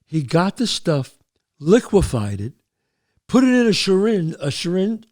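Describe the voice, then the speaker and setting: A man's voice: high-pitched, measured pace. New guy telling wild stories, voice all over the place, does the voices. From the Bronx, New York. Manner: animated, acts out voices, trails off mid-sentence. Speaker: host. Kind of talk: storytelling.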